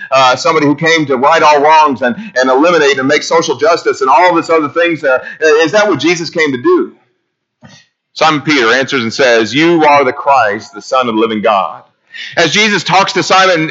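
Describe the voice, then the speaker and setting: A man delivers an earnest church sermon packed with rhetorical questions, his voice rising high and then sinking low. The sound is lo-fi with a sharp tone.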